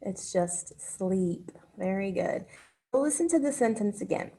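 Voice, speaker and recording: A woman teaching a phonics lesson to children, speaking patiently and pausing for their answers. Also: mid-range voice, animated, gravelly, mellow, slightly rough.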